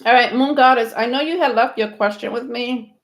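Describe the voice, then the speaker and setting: A woman with a higher, slightly fast voice hosts a live tarot stream, chatting casually with viewers. She rambles reassuringly with lots of ums and sounds a bit out of breath.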